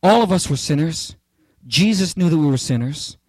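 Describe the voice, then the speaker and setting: A man's voice: fairly high pitch, expressive, moderate pace, dry recording. Emphatic preacher man, dry close sound. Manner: emphatic, repetitive, rising to near-shouts on key phrases. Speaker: pastor. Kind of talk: sermon. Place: church.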